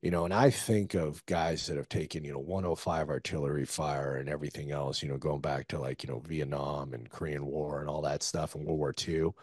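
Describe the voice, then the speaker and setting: Veteran man, very deep and husky, rambling profane storyteller, dry recording. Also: little pitch movement, fairly quick, few pauses, a little mellow, dry recording. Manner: loose, profane war storytelling with many fillers. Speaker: guest, former Army Ranger. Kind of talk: casual storytelling interview.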